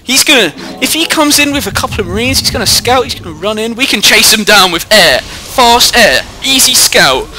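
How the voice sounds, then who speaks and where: British teen guy casting a game, bright sharp voice, goofy and self-mocking, headset mic. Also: high-pitched, animated, moderate pace, few pauses, soft background music. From Britain. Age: teens. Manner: jokey, rambling, self-mocking. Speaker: gameplay commentator. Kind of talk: live game commentary. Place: indoors at home, away from the usual recording spot.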